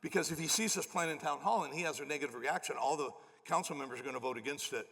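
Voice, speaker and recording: A man's voice: fairly high pitch, quick pace. A middle-aged man preaching a sermon as pastor, telling a story and acting out the people in it. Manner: acts out quoted people with lively shifts. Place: church auditorium. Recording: large hall with long reverb.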